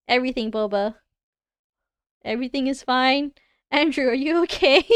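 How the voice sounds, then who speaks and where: A woman's voice: high voice, expressive, unhurried, pauses often, pushed and bright, smooth, no echo, studio quality. A young woman with a Canadian accent, chatting casually and giggling as she reacts to viewers on a livestream. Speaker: livestreamer reviewing design work.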